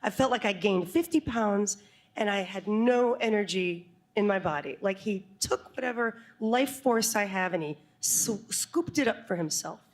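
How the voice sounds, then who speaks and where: A woman telling a true story live on stage to an audience, animated and quick to laugh, with comic asides. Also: medium pitch.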